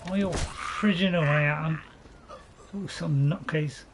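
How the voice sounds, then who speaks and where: Against a noisy background, a man with a slightly high voice speaks a little slowly. He's a gaming channel host giving let's-play commentary to himself, rambling and chatty with frequent chuckles.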